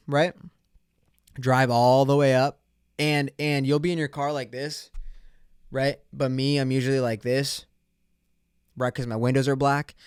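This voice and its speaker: A man's voice: mid-range voice, darkish tone, clean tone, no echo, studio quality. A young man hosting his own podcast, talking in a loose, profane, rambling way full of bro slang, acting out little scenes with cops. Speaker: podcast host. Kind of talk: casual solo podcast rant.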